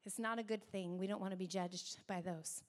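A young adult woman preaching a sermon in an animated way, acting out quoted voices as she goes. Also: medium pitch, brisk.

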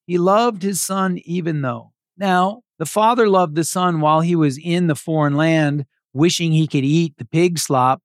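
A man's voice: sits high, no echo, studio quality. A man preaching a sermon as a pastor, earnest and conversational with casual asides.

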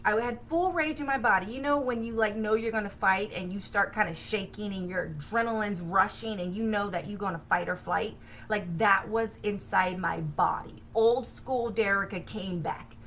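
A woman hosting a spiritual self-help podcast, telling a personal story in an animated, excitable way with sudden bursts of energy. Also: medium pitch, normal speed, slight background noise, low-quality recording. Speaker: podcast host.

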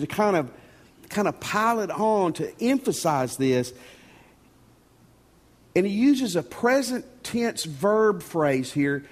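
Animated pastor in an echoing hall. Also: male voice, sits high. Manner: folksy, animated preaching with repeated words. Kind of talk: sermon. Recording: long reverb of a church hall.

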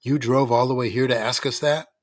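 A man voicing a hot-tempered young boy who snaps back with sharp, indignant retorts. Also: mid-range voice, steady tone, a little fast, dry recording, studio quality, pitched above the performer's own voice, natural voice. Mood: angry.

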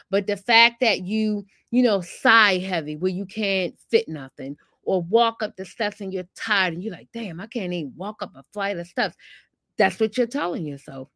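Woman podcast host, mid-pitched, dry close mic, warm pep-talk coaching, very conversational. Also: no room sound. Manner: encouraging, chatty, calls listener honey and girlfriend.

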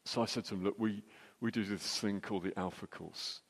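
A middle-aged man telling a jokey, anecdotal story as a church speaker, with quick restarts. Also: on the low side, fairly even intonation, gravelly. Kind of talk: storytelling sermon. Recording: long hall reverb.

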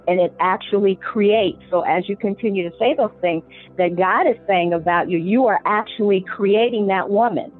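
A woman speaking earnestly and encouragingly about faith, sometimes restarting her sentences. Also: medium pitch. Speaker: niece, guest speaker. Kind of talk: faith talk, preaching. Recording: phone-like line.

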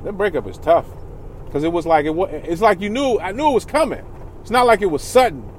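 A man's voice: high-pitched, expressive, brisk, darkish tone, slight background noise. A man vlogging candidly about his feelings, rambling, swearing, and often restarting his sentences. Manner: rambling, profane, restarts a lot. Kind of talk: candid personal vlog.

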